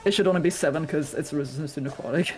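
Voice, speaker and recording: Game master, patient, steady, mid pitch, quietly going over the rules. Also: very fast, faint music behind. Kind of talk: running a tabletop game.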